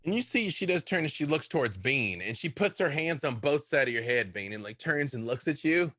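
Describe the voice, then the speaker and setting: A man's voice: fairly high pitch, big pitch swings, fairly quick, a bit bright, dry recording. A man narrating a survival horror tabletop game as game master in a loose, rambling way.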